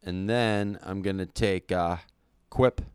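A man's voice: deep voice, fairly even intonation, slow, clean tone, dry recording, clean studio sound. A man co-hosting a casual sports podcast, easygoing and steering the talk. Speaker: podcast co-host.

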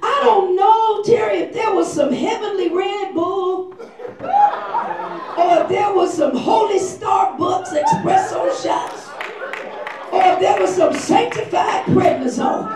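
A woman pastor preaching a lively sermon, telling the story with slangy acted-out quotes and often shouting. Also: extremely high pitch, slow, crowd noise. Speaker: senior pastor. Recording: echoey church hall from far off.

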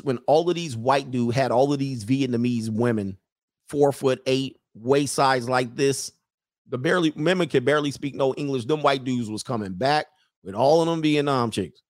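Brief: male livestream host, animated and emphatic rant, mid-pitched voice, close dry sound. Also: no room sound.

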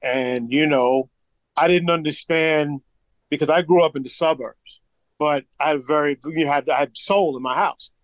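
A man who is a rapper and a podcast guest, answering a question reflectively with hesitant pauses. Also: a little high, no room sound, poor audio. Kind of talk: casual interview answer.

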